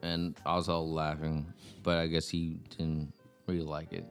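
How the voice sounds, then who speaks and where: A young adult man in a casual podcast chat, an animated storyteller who slips into squeaky toddler imitations. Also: moderate pace, faint music behind. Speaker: podcast co-host.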